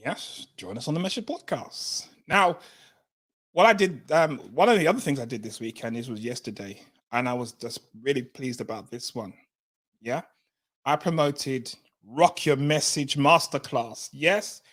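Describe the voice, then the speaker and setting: A man hosting a live-streamed motivational talk show, energetic and repeating key phrases for emphasis, laughing often as he talks. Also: mid-range voice, moderate pace. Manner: laughs often while talking.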